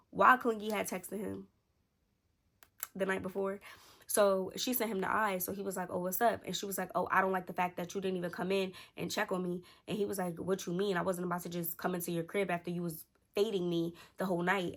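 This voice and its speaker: Young woman, casual storyteller, slightly low voice with vocal fry, animated quoting. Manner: animated, acts out quotes from friends. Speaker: storytime vlogger.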